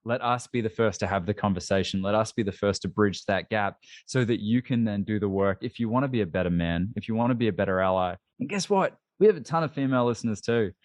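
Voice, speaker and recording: Brief: podcast guest, Australian man, emphatic and self-deprecating, lowish voice, dry close mic. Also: animated, fast, few pauses, no room sound. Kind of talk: casual interview chat.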